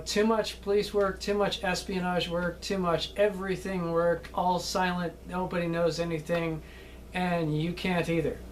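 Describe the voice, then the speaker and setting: A man's voice: high voice, a little hiss or hum. A middle-aged man teaching acting students in a casual, rambling lecture, often ending lines with "okay?".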